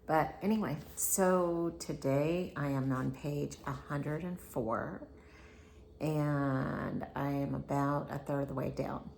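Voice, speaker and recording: A woman casually reading a book aloud at bedtime, soft-spoken and sometimes dropping to a whisper. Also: low voice, slow, creaky, slight background noise.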